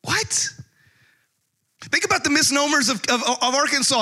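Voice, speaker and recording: Bright-voiced joking preacher man. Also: extremely high pitch, lively intonation, moderate pace. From Texas. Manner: joking, conversational preaching with rhetorical questions. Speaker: pastor. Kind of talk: sermon.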